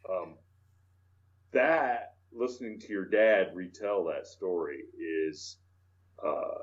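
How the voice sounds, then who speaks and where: A man hosting a podcast, asking questions in a halting, casual interview style. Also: deep voice. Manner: halting, with fillers and restarts. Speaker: podcast host. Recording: dull lo-fi podcast audio.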